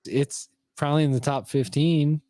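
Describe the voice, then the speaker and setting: A man's voice: a little high, steady tone, moderate pace, warm tone, no echo, clean studio sound. A middle-aged man co-hosting a podcast, telling fishing stories in an easygoing, casual way. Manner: storytelling, easygoing. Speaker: podcast co-host. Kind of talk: casual conversation.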